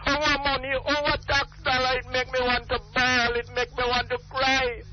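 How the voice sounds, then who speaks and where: A man's voice: extremely high pitch, monotone, moderate pace. An older man with a Jamaican accent calling in to a radio talk show, speaking in an emphatic, rambling, repetitive way. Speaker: radio call-in caller. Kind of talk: impassioned call-in talk. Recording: muffled phone-in radio line.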